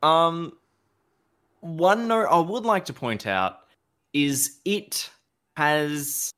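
A man's voice: on the high side, big pitch swings, a bit bright. A man co-hosting a podcast in casual chat, drawing out his words and laughing along. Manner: slow, drawn-out delivery with laughs. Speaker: podcast co-host.

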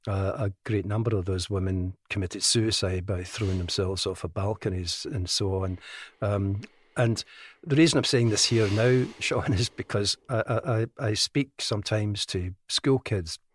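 An older man with a Glaswegian accent, speaking as a guest in a podcast interview in a measured, matter-of-fact way. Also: on the low side. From Scotland.

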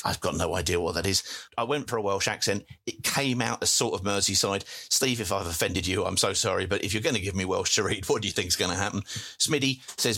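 A man's voice: fairly low pitch, pushed and bright. Chatty man reading fan messages. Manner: jokey, chatty, reads messages aloud with quick asides. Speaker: football podcast host reading listener messages. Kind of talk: casual live audio chat. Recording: live audio stream.

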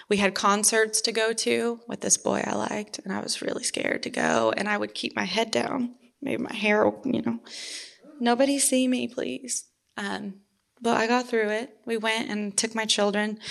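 A woman giving an earnest personal faith testimony, halting and restarting as she talks. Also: medium pitch, vocal fry, fairly bright tone.

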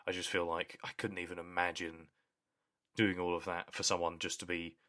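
A man's voice: low voice, level tone, moderate pace, pushed and bright. A man co-hosting a podcast, talking in an earnest, thoughtful casual chat. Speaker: podcast co-host.

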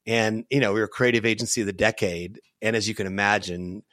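A middle-aged man, a podcast guest, telling stories in a casual, animated way, full of "you know" fillers and the odd swear word. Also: fairly low pitch, fast talker, few pauses, dry recording, studio quality. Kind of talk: casual storytelling interview.

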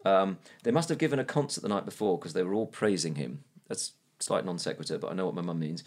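A man in his fifties from Scotland with a fairly low voice, co-hosting a casual podcast chat. He tells stories in a rambling way, full of halting restarts and self-corrections. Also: darkish tone, breathy edge. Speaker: podcast co-host.

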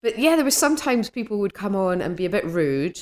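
A woman, a podcast guest telling stories in lively casual chat and laughing often. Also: medium pitch, brisk. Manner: animated, laughs through stories.

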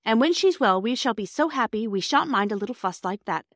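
A woman's voice: fairly high pitch, lively intonation, a little fast, a bit bright, dry recording, studio quality, pitched above the performer's own voice. A woman voicing a cheerful, hopeful older girl in a storybook reading. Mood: hopeful eager.

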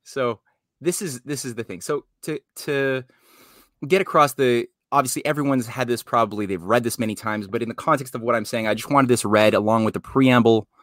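A man's voice: medium pitch, a little fast, a bit bright, dry recording, studio quality. A man from Canada, a guest in a casual interview, explaining at length in an earnest, winding way.

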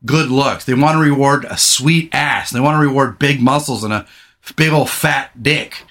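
A middle-aged man hosting a podcast in casual chat, rambling, candid and quick to swear. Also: mid-range voice, fairly bright tone. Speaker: podcast host.

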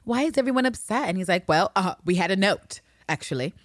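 A woman co-hosting a casual TV recap podcast, animated and profane, laughing often and acting out the characters' lines. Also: medium pitch, a little fast, no room sound, clean studio sound. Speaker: podcast co-host.

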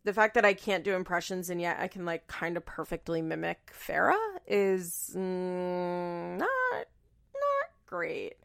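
A woman's voice: fairly low pitch, animated, unhurried, vocal fry, clean tone. A woman in her thirties hosting a casual solo podcast, chatty and self-deprecating, rambling with lots of fillers. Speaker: podcast host.

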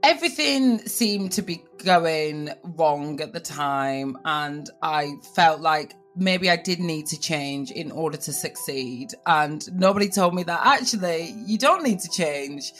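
Northern English woman, TV presenter type, low-pitched, animated personal storytelling. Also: a little slow, few pauses, faint music behind. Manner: animated, lively voice changes for quoted speech.

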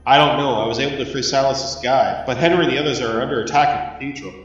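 Weary, soft-spoken husband, read by a man. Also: fast talker, heavy reverb, natural voice. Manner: low, tired and soft. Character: weary, loving husband far away. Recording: slightly dull recording.

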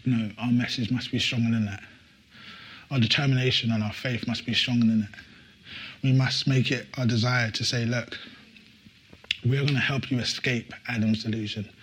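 Husky-voiced preaching man, emphatic. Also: mid-range voice, moderate pace, pauses often, rough recording. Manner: animated, emphatic preaching with repetitions and laughs. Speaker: pastor. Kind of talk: sermon. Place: church service.

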